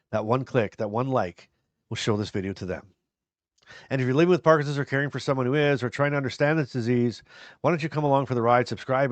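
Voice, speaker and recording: Here a man with a medium-pitched voice hosts a podcast, addressing viewers casually with earnest encouragement and occasional self-deprecating jokes. The recording has no echo.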